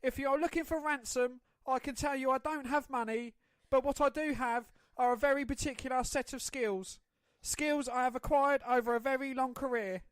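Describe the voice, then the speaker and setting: A man doing an impression of a grim middle-aged man delivering a cold, deliberate threat. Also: very high-pitched, steady tone, clear, resonant tone, no room sound, pitched above the performer's own voice. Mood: menacing. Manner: slow, menacing, deliberate delivery.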